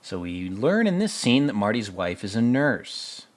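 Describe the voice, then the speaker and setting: A man's voice: on the low side, sing-song, measured pace. A man giving casual commentary on a TV episode, sarcastic, profane and rambling. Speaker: show commentator.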